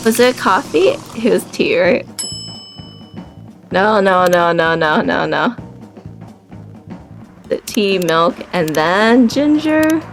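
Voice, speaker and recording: A young woman playing a game and commenting in an excitable, chatty way. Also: mid-range voice, takes it slowly, long pauses. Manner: excitable, chatty, gasping and laughing. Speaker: let's play gamer. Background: game music.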